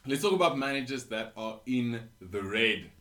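A man on a casual football podcast, chiming in with quick quips and short agreements. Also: mid-range voice, lively intonation, fairly bright tone.

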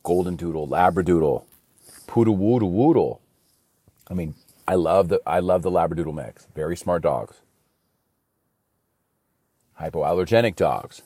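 A man's voice: low-pitched, normal speed, long pauses, a little mellow, dry recording. A man talking in a rambling, slangy casual monologue in a studio, saying bro a lot.

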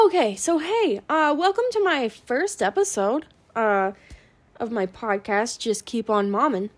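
A young woman hosting her own podcast in a casual, rambling way, frank and swearing, with many ums and pauses. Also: fairly high pitch, expressive. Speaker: podcast host.

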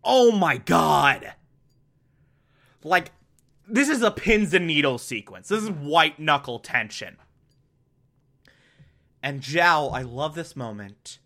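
A man talks through a cartoon episode with a bright, slightly high voice. He gushes about what he loves and keeps piling up "like" and "oh my God". He speaks at an unhurried pace. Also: creaky. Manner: gushing, excitable, fills with "like". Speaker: show reviewer. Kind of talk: enthusiastic episode commentary.

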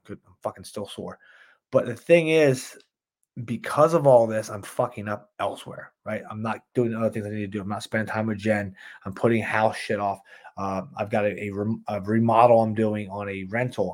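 A man giving a casual motivational monologue as a vlogger, blunt and profane, rambling and often tossing in "right?". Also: lowish voice. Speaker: self-improvement vlogger. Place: indoors at home by a whiteboard.

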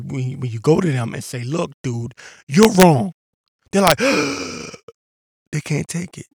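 A man's voice: fairly high pitch, vocal fry, dry recording, clean studio sound. A man hosting a podcast, talking in a ranting, combative way and mocking others in put-on voices. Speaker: podcast host. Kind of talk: casual monologue.

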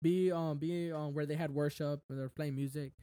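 A young man telling a story in casual chat, excitable, with lots of fillers. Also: on the high side, moderate pace, clear, resonant tone, no echo.

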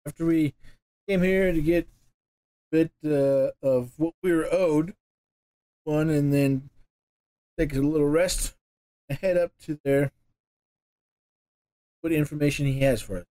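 A man's voice: a little high, steady tone, measured pace, long pauses, mellow, dry recording. A man playing a tabletop game, joking and teasing, and laughing often. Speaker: player.

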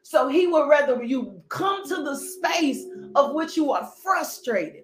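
A high-pitched woman preaches with passion, moving between shouts, laughter and near tears. Her voice rings in an echoey room, with faint music underneath. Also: animated, a little slow, hardly any pauses. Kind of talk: sermon.

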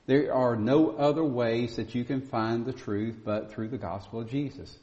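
A man's voice: medium pitch, steady tone, moderate pace, mellow. Male preacher, emphatic and repetitive in delivery, heard in a dull recording. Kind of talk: sermon. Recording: dull sound with long reverb.

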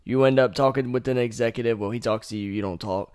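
A man's voice: medium pitch, fairly even intonation, fast talker, a little mellow, no echo, clean studio sound. A young man hosting a podcast, casually and animatedly retelling a game with profanity and laughing asides. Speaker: podcast host.

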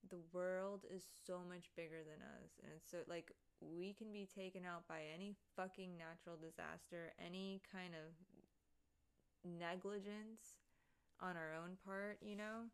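A woman's voice: on the low side, fairly even intonation, a little slow, smooth. A woman streamer chatting casually, rambling and sidetracked, swearing freely as she talks. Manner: rambling, profane, easily sidetracked.

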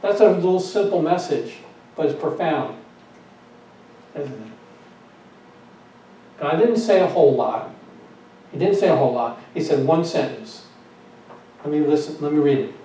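A man preaching a sermon as pastor, asking rhetorical questions, repeating his phrases and letting lines trail off softly. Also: fairly high pitch, lively intonation, normal speed, pauses often, very echoey, recorded from a distance, rough recording.

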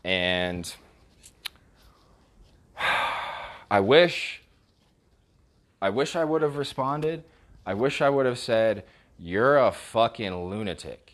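A man's voice: medium pitch, lively intonation, drawn-out words, pauses often, a bit bright. A man ranting casually about text messages he received, swearing heavily and scornfully, often stumbling and restarting his sentences. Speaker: vlogger recounting text messages. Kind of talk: casual storytime rant.

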